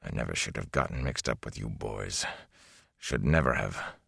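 A man reading an audiobook, voicing a gruff older male gleeman with a low, hoarse growl. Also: animated, measured pace, no echo, clean studio sound. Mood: gruff urgent. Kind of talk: audiobook character voice.

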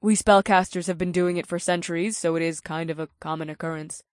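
Performed by a woman, a self-assured witch talks in a lower, even voice, calm and matter-of-fact. The dry audiobook recording keeps her close. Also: fast, no echo, lightly acted. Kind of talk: audiobook character voice.

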